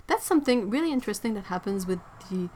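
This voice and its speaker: A woman's voice: mid-range voice, lively intonation, fast talker, dark tone, a little hiss or hum. A woman hosting an art livestream from home. She chats casually, reads viewer comments aloud, rambles and laughs often. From Quebec, Canada. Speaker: artist livestream host.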